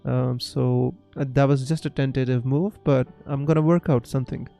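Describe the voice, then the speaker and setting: A young Indian man with an Indian English accent, chatting casually on a live stream, halting with many fillers as he answers viewers. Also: medium pitch, steady tone, gravelly, warm tone, soft background music. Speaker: fantasy football streamer.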